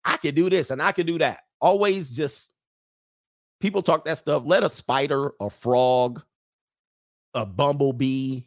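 A man's voice: mid-range voice, a little slow, no room sound, studio quality. A man hosting a casual livestream, reading viewer messages, joking, laughing often and mimicking people.

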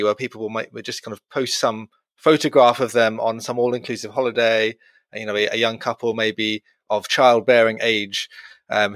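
A man's voice: lowish voice, fairly bright tone, no room sound. A middle-aged man with a British accent, co-hosting a chatty podcast and laughing easily. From Britain. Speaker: podcast co-host. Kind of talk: casual chat.

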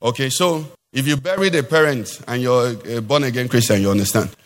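A man, a pastor preaching a sermon in an animated way and putting rhetorical questions to his congregation. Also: mid-range voice, brisk, in a large hall.

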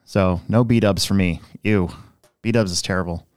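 Man, podcast co-host, rambling casual storyteller, clear resonant voice, dry studio sound. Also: deep voice, measured pace, no echo. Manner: rambling, restarts often, animated when telling a story.

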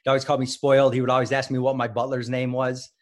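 A man's voice: medium pitch, monotone, rapid-fire. A man in his thirties from Illinois, a former wrestler, telling stories as a guest in a casual interview, with many fillers and restarts. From Highland Park, Illinois.

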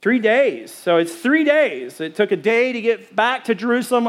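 High-voiced joking male pastor. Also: normal speed, few pauses. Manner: animated, joking, acts out quotes. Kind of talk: sermon. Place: church sanctuary.

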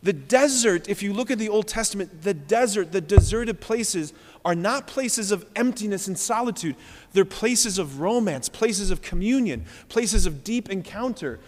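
Each line of this sermon hangs in the long echo of a large church. The preacher, a high-voiced man speaking as a Catholic priest, uses repeated phrases to press his earnest message, his passion rising with lively intonation at a moderate pace. Slight background noise is audible.

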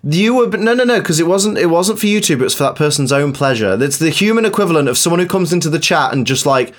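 A man's voice: fairly high pitch, expressive, fast. A young man who streams games, a guest on a casual podcast, joking, laughing often and acting out other people's lines.

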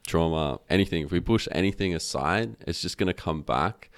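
A man talks as a podcast guest, rambling loosely and restarting his sentences. His voice is smooth and resonant, and the recording sounds dry and close. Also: deep voice, expressive, brisk, no echo. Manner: rambling, with many fillers and restarts. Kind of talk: casual conversation.

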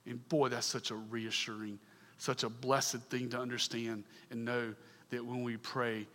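A man preaching a sermon, earnest and emphatic, swinging from fervent calls down to soft, quiet asides. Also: mid-range voice, fairly even intonation, measured pace, in a large hall.

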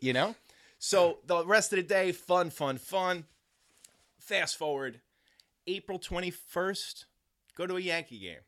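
A man's voice: sits high, measured pace, long pauses, no echo, clean studio sound. A man casually telling a long, profane story, slipping into other people's voices as he goes. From New York area. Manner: rambling, profane, animated anecdote with quoted voices. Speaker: podcast storyteller.

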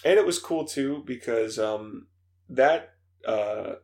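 A young man co-hosting a gaming podcast, chatting casually and excitedly with many fillers. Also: mid-range voice, slow. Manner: excited, fillers, laughs, imitates voices. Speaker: podcast co-host. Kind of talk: casual chat.

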